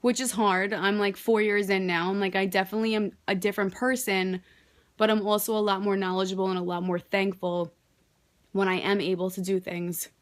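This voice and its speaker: A woman's voice: medium pitch, flat delivery, fairly quick. A young woman talking casually to her camera, candid and rambling, peppering her speech with "like" and frequent swearing. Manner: candid, rambling, swears freely, says "like" often. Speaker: vlogger.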